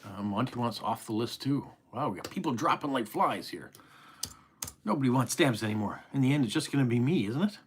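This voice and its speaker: A man's voice: medium pitch, expressive, fairly quick, slightly rough. A middle-aged man with an East Coast Canadian accent, hosting a casual live stream and reading viewer comments aloud in a friendly, chatty way.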